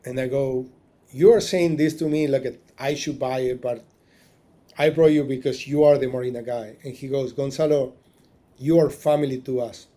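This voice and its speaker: As a podcast guest, this marina business owner tells his story at a moderate pace in a steady, warm, medium-pitched voice. Emotion creeps in during the casual interview, and he frequently restarts sentences and acts out quoted lines.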